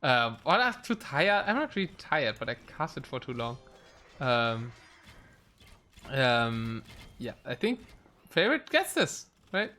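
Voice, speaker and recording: A man casting a live esports match, excitable and rambling with plenty of fillers. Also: medium pitch, slow pace, pauses often, faint music behind. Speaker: game caster.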